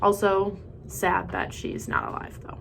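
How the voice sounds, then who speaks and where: Woman, book vlogger, casual reaction chat, excitable, gasps and squeals, rambling recap, mid-range voice. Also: medium pitch, unhurried, gravelly, a little hiss or hum. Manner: excitable, gasping and squealing at plot twists; rambling recap with many fillers. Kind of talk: casual reading vlog reaction.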